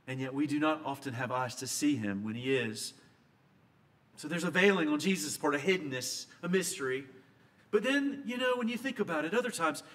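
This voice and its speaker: A man preaching a sermon, telling a scripture story and moving between hushed and emphatic delivery. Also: on the high side.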